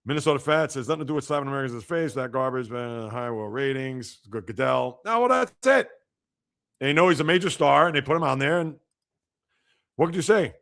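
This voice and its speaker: A man hosting a live sports podcast, reacting to news and reading out viewer comments in an animated, chatty way. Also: medium pitch, brisk, creaky. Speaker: podcast host.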